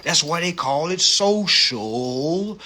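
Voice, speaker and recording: A man hosting a casual livestream chat, animated and profane, laughing often and peppering his talk with slang. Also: on the high side, slow pace, a little hiss or hum. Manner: slangy, repeats "you know what I'm saying". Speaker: livestream host.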